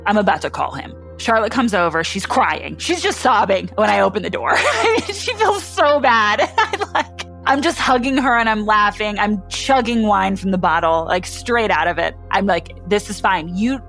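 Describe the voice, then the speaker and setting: A woman's voice: mid-range voice, expressive, normal speed, hardly any pauses, a bit bright, soft background music. A young adult woman candidly telling her own story in a chatty way, full of fillers, acting out what people said. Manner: chatty, many "like" fillers, acts out quotes.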